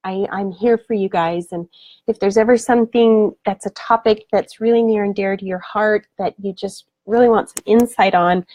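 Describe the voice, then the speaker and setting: A woman's voice: mid-range voice, fairly even intonation, normal speed, warm tone, dry recording. A woman spiritual coach hosting a live stream, chatting with viewers and answering their comments in an effusive, affectionate way. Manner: effusive and affectionate, blows kisses.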